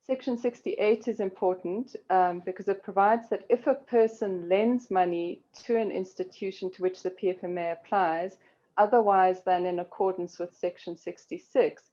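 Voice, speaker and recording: A woman presenting a legal webinar, explaining carefully in a measured way with frequent pauses and "um"s. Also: mid-range voice, fairly even intonation, warm tone, dull audio. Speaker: corporate law expert presenting.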